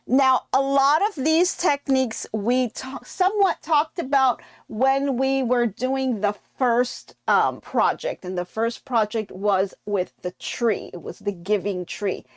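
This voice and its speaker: A woman hosts a live sewing stream in a relaxed, chatty way, stopping now and then to answer viewers. Her voice sits somewhat high. The sound is close and dry, with almost no room around it. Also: no room sound. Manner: relaxed with frequent fillers. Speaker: quilting show host.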